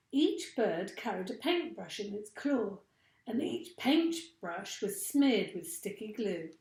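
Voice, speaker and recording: A woman teacher reading a children's storybook aloud with expressive, deliberate delivery. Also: medium pitch. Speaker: primary school teacher. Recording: roomy echo.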